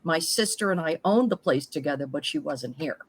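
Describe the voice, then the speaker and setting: A woman's voice: sits low, expressive, brisk, slight background noise. A middle-aged woman sharing personal stories earnestly in a casual group video chat. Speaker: guest author.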